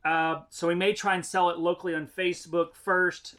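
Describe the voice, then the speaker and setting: A man's voice: high voice, little pitch movement, normal speed, a bit bright. A man vlogging as he unboxes items, chatting casually and thinking aloud about prices and profit. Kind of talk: casual chat.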